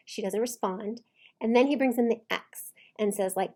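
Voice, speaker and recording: A woman talks through a clip she is reacting to, in a casual, chatty way. She keeps repeating the lines she hears and picks them apart with lively emphasis. Her voice sits at an ordinary middle pitch. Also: moderate pace. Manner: animated, quotes lines back with emphasis. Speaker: commentator reacting to a video.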